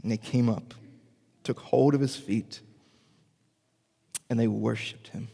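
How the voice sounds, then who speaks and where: A man preaching a sermon as pastor, moving between animated asides and hushed, slow emphasis. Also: medium pitch, gravelly, slightly rough, long reverb tail.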